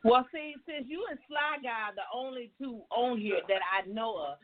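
Woman, call-in host, chatty, animated, high voice, tinny phone audio. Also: normal speed. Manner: animated, chatty, Southern Black vernacular turns of phrase. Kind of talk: casual call-in show chat. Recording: tinny phone line with noise.

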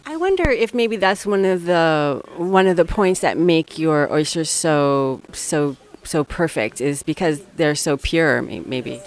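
An American woman hosts an interview, her voice sitting on the lower side. She talks in a chatty, enthusiastic way, circling her questions with plenty of "you know" and "I mean.". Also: animated, a little slow, hardly any pauses. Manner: chatty, enthusiastic, loose phrasing. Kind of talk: podcast interview.

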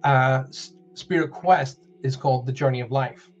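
A man's voice: medium pitch, moderate pace, faint music behind. Chatty Northern Irish man hosting live. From Northern Ireland. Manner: chatty, rambling, many fillers and restarts. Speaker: spiritual show host. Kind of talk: live-streamed chat show. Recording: dull lo-fi stream audio.

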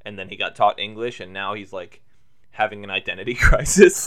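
A man co-hosting a podcast, joking around in casual chat and trailing off into quiet asides. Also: lowish voice, brisk.

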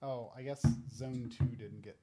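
A man's voice: medium pitch, a little slow, heavy background noise. A man casually chatting and laughing while playing a retro game on a live stream. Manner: chatty, laughs often, animated.

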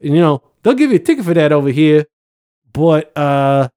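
Male podcast host, slightly high voice, loose and rambling, joking with profanity and filler words. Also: big pitch swings, moderate pace, dark tone, clean tone. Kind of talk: casual chat. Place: home, living abroad. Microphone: computer microphone.

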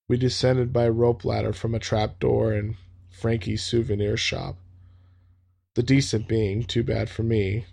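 Male reader with a gravelly, fry-laced voice reads a story aloud and drops in casual, swearing commentary. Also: medium pitch, a little mellow. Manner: swears freely in offhand asides.

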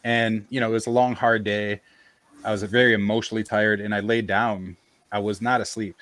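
A man telling a personal story in casual conversation, halting and full of fillers and restarts, on a video call. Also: fairly low pitch, little pitch movement, a bit bright, no room sound. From American South, Appalachia. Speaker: podcast guest.

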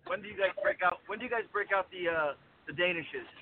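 A man's voice: high-pitched, fast talker. A man, a wrestler guest on a podcast, trading joking, teasing banter. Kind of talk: casual podcast chat. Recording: tinny phone-like line, audible hiss.

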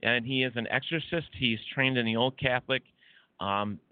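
A man's voice: medium pitch, fairly even intonation, moderate pace, smooth, no echo. A man hosting a talk radio show, chatting casually in a rambling, hesitant way. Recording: dry, phone-like lo-fi audio.

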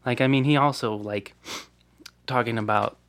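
A man's voice: mid-range voice, fairly even intonation, normal speed, a bit bright. A man co-hosting a podcast in casual chat, enthusiastic and full of fillers. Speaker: podcast co-host. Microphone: headphones and mic at home.

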